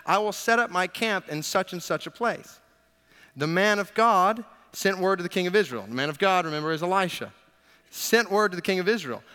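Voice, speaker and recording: A man preaching a sermon, retelling a Bible story in an animated way with quips to the congregation. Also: high-pitched, big-room sound. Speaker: pastor.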